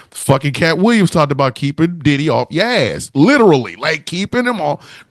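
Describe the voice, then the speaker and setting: Animated, profane man riffing. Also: fairly high pitch, normal speed, dry recording, clean studio sound. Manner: profane, animated, acts out quotes. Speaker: podcast host. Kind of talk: casual comedic chat.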